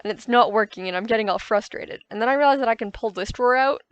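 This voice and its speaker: A woman's voice: a little high, fast talker, clear, resonant tone, no echo, muffled recording. Chatty woman narrating her gameplay. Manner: rambling, self-correcting, recounting frustrations. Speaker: gaming YouTuber. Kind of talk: casual gameplay voice-over commentary.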